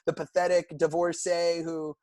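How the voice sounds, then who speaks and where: A man's voice: a little high, little pitch movement, normal speed, a little mellow, no echo. Upbeat young man recapping a cartoon. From California. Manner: enthusiastic, recounts plots at length. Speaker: podcast co-host. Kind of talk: casual chat.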